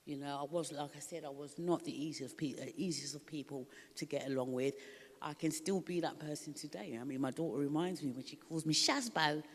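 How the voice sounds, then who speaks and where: A woman's voice: sits low, fairly quick, warm tone, breathy edge. Middle-aged woman, candid emotional testimony, laughs a lot, long reverb hall sound. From Africa. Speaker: recovery ministry speaker. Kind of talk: personal testimony.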